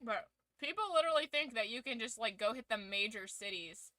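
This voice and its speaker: A woman's voice: on the high side, animated, brisk, pushed and bright, no room sound. A woman streamer chatting casually to her viewers, laughing often and swearing freely. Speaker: streamer hosting a watch-along. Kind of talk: casual chat.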